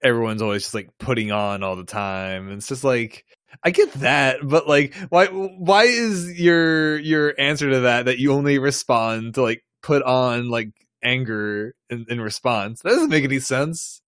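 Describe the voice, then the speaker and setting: A man's voice: mid-range voice, unhurried, fairly bright tone, no echo, studio quality. A man co-hosting a podcast in casual chat, asking rambling, incredulous questions with many restarts. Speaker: podcast co-host.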